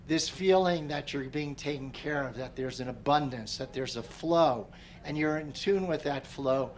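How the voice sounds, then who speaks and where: A middle-aged man teaching a meditation class, telling a personal story in a relaxed, conversational way and often clearing his throat. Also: medium pitch, a little hiss or hum. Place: large tent at an outdoor gathering.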